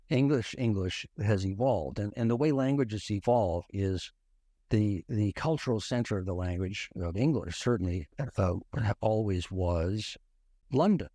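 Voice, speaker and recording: A man's voice: fairly low pitch, mellow, dry recording, studio quality. A man who is a guest on a history podcast, explaining in a thoughtful way with frequent restarts. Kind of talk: conversational history discussion.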